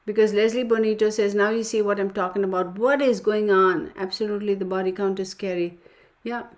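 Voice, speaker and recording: A woman's voice: mid-range voice, fairly even intonation, fairly quick. A woman hosting a casual live stream, reading viewer comments aloud, often laughing and exclaiming in surprise.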